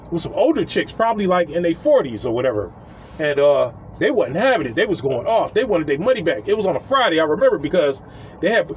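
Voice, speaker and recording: A man telling a casual, profane story, animated and chuckling as he acts out what people said. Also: high-pitched, slight background noise, low-quality recording.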